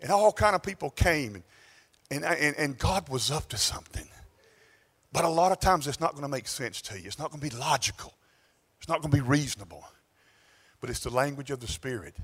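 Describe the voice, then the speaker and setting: A man with a Southern US accent, a pastor preaching a sermon in a church, telling stories in an animated way that swings between exclamations and quiet asides. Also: a little high, a little fast, long pauses, breathy edge.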